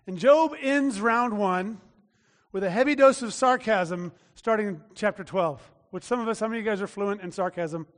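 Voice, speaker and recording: A man preaching a sermon in a casual, talky way, acting out quotes and breaking into shouts. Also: high voice, normal speed, long reverb tail. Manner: conversational preaching with acted-out quotes and sudden shouts. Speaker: pastor.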